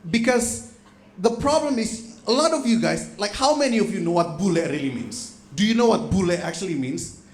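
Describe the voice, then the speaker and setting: A man's voice: sits high, normal speed. A man doing a stand-up set on stage, telling stories with acted-out quotes. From Indonesia. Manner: animated storytelling with acted-out quotes. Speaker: stand-up comedian. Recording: echoey venue room.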